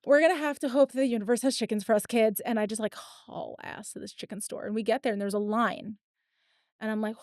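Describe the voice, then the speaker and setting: Speaking briskly at a fairly high pitch, this thirty-something podcast host narrates a story casually and animatedly, voicing the characters' quotes. The recording is clean studio sound with no room sound.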